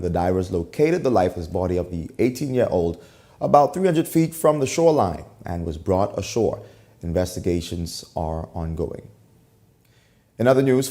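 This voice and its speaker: Low, mellow-voiced male news anchor. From Bahamas. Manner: steady formal delivery. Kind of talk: news reading.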